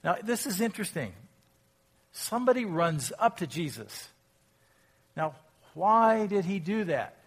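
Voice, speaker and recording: A pastor preaching a sermon, reading scripture aloud and asking reflective, rhetorical questions. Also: male voice, sits high, very animated, unhurried, pauses often, breathy edge. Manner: reflective, asks rhetorical questions, rises in volume when quoting scripture.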